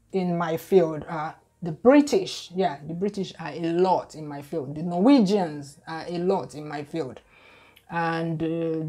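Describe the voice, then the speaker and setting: A middle-aged woman with a Nigerian accent speaks straight to her audience in a mellow, somewhat low voice. She talks in an earnest, careful way and pronounces her words deliberately. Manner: earnest, slow and careful, reading out viewer comments. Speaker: YouTube creator. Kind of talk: talking to camera.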